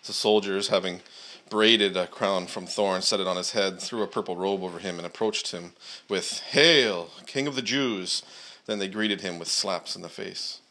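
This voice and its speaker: Low-voiced man reading scripture at a church service. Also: flat delivery, fairly bright tone. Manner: measured, with frequent "uh" and "um" fillers. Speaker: preacher.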